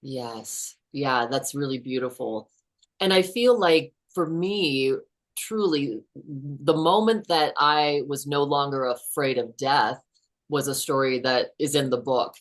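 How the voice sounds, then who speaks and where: A woman in her fifties with a notably low voice tells a personal story as a guest author. She speaks in an earnest, unhurried way.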